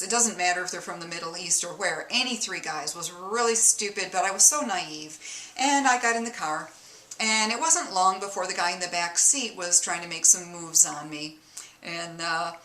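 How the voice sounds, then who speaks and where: A woman's voice: lowish voice, bright, forceful tone. A woman from Detroit telling a story to camera in a chatty, self-mocking way. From Detroit, USA. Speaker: vlogger. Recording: roomy echo.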